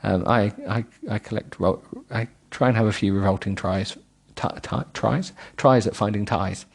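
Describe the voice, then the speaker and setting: A man's voice: lowish voice, fairly even intonation, moderate pace, vocal fry. A middle-aged man reading a book aloud with comic asides, giggling and stumbling over words.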